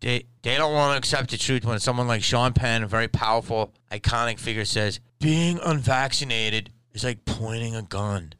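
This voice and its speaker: A tired man, a podcast host and stand-up comic, ranting and telling a story in a profane, animated way with sudden loud outbursts. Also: medium pitch, moderate pace, few pauses, clean tone, dry recording. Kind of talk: casual ranting monologue.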